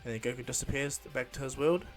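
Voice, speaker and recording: A man casually improvising a fan story retelling, rambling and halting with fillers. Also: medium pitch, steady tone, soft background music.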